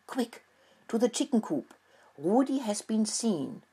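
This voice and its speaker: Woman doing a storybook dad mouse: higher voice, slow and husky, urgent and scolding. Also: very animated, mellow, heavily acted. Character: anxious fussy father mouse.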